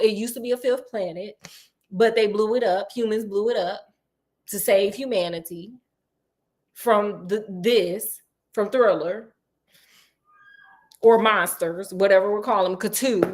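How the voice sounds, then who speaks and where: A woman casually recapping a horror novel, animated and playful, acting out characters' lines in quick asides. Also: mid-range voice. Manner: playful and sassy. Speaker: book recap host. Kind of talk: casual book recap storytelling.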